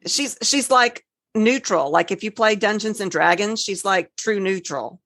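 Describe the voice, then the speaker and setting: A woman's voice: mid-range voice, measured pace, fairly bright tone, dry recording, studio quality. A woman co-hosting a casual podcast, telling folklore stories in a chatty way and spelling out names. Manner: chatty storyteller, spells words out, trails off. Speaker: podcast co-host.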